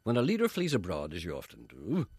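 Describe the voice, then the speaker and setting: A man's voice: sits low, huge pitch swings, quick pace, darkish tone, slightly rough, dry recording. A man hosting a radio show, teasing his co-host with wry, mock-grand comic banter.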